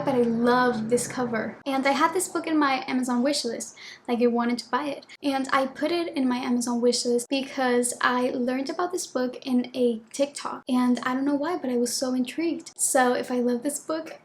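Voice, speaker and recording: A young woman chatting casually to camera about the books she plans to read, gushing and peppering her speech with "like.". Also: high-pitched. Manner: chatty, gushing, lots of "like" fillers. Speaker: book vlogger. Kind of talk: casual chat.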